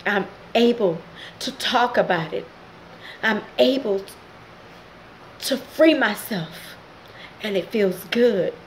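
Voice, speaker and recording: Host, woman, middle-aged, emotional testimony, slightly high voice, faint background hiss. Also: rough recording. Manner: emotional, direct address to viewers. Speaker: channel host. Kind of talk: personal testimony vlog.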